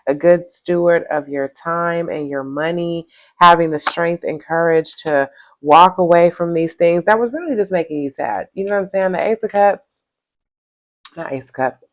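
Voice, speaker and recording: A woman's voice: lowish voice, low-quality recording. A woman giving a tarot reading to her viewers, effusive and encouraging, with casual slang. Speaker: tarot reader.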